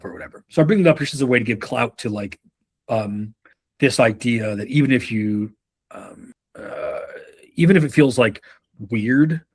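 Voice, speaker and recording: Husky, profane man in casual coaching talk. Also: mid-range voice. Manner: profane, rambling, anecdotal. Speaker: sales leadership trainer.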